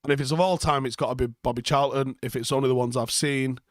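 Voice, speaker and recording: A man's voice: mid-range voice, fairly even intonation, fast, dry recording, clean studio sound. A young man, hosting a live football reaction stream, reading viewer comments and answering them bluntly with plenty of swearing and sarcasm.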